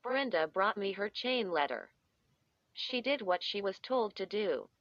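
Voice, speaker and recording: A woman voicing a numb, frightened young woman who talks flatly, like a robot. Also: medium pitch, measured pace, no echo, highs cut off. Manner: flat, robotic.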